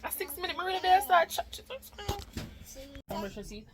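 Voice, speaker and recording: A woman's voice: very high-pitched, big pitch swings, a little fast, noisy background. A Jamaican woman and mother chatting casually in a vlog, emotional and talkative, mixing patois with English. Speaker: mother and vlogger.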